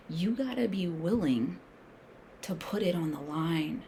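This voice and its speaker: A woman with a gravelly, fry-edged voice sitting a little low for her sex talks through her trades in a loose, slangy way. She coaches her viewers with emphatic repetition and now and then drops to a near whisper, with faint noise behind her. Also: unhurried, mellow. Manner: slangy, thinks aloud, sometimes drops to a whisper. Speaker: day trader streaming a trading session. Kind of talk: casual talk-along while trading.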